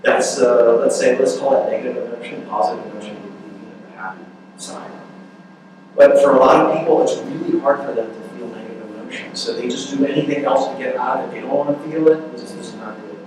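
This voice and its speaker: A man's voice: medium pitch, quick pace. A man giving a relationship workshop talk in a conversational, earnest way, with fillers and restarts. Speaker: workshop speaker. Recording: echoey room, mic far off, noisy.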